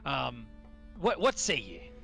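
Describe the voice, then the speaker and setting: A man voicing an excitable dwarf who hires adventurers, stammering and calling everyone lad. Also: medium pitch, takes it slowly, vocal fry, faint music behind, exaggerated voice. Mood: eager. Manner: stammering, calls everyone lad, old-fashioned phrasing. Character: excitable male dwarf quest-giver, hushed and eager.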